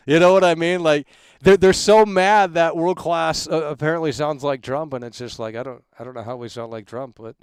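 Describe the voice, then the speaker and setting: A man's voice: fairly high pitch, fairly even intonation, normal speed, smooth, dry recording. A man hosting a casual livestream talk show, hyping viewers with repeated catchphrases and rambling through opinions with many restarts. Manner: emphatic hype shout-outs with repeated catchphrases; rambling, with frequent restarts and fillers.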